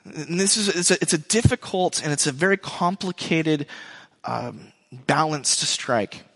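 Middle-aged man, pastor, casual rambling sermon, slightly high voice, echoing hall. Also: a little slow, a bit bright. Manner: conversational, rambling with restarts and asides. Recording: long hall reverb.

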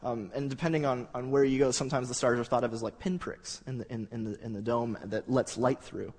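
A man giving a sermon in a conversational, halting way that builds to animated stretches. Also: mid-range voice, slightly rough, long reverb tail. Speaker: pastor.

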